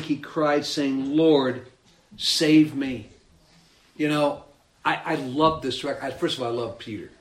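A man preaching a sermon, animated and emphatic, acting out the story as he tells it. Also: medium pitch, echoey room. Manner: animated, acts out the scene with rising emphasis.

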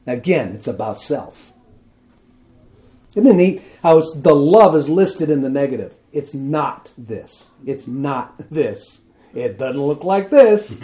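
A man preaching a sermon in a relaxed, conversational way, reading scripture aloud and often asking "see?" to his listeners. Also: fairly high pitch, slow. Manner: conversational, asks "see?" and "isn't that something?"; reads scripture aloud with emphasis. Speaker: pastor.

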